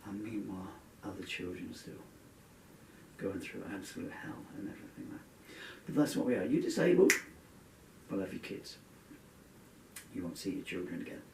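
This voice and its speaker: A man's voice: low voice, steady tone, a little fast, gravelly, background noise. A man, a singer-songwriter chatting casually between songs in a rambling, earnest way that trails off. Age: 60s. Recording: echoey room, distant dull lo-fi mic.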